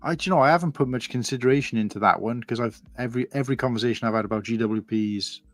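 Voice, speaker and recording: This is a man talking casually on a livestream panel, rambling and loosely conversational as he thinks aloud. His voice sits at an ordinary middle pitch. Faint music plays in the background. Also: racing. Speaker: guest panelist.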